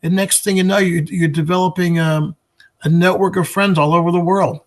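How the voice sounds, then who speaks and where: A man's voice: high-pitched, fairly even intonation, fairly quick. A man being interviewed as a pinball expo organizer, talking eagerly and promotionally in casual chat, often restarting his sentences. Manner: enthusiastic, promotional, frequent restarts.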